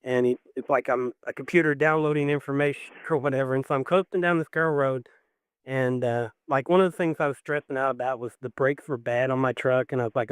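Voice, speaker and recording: A man's voice: medium pitch, steady tone, a little fast, clear, resonant tone, no echo, clean studio sound. A man calling a late-night radio show, telling a long personal story in a rambling way, full of "like" and "you know". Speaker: caller. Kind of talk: emotional call-in storytelling.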